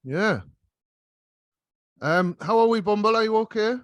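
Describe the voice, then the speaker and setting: A man's voice: high voice, animated, measured pace, a bit bright, no room sound, muffled recording. A man hosting a casual podcast chat with cheeky, sweary banter, speaking right into a close microphone. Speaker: podcast host. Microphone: microphone held right up to the mouth.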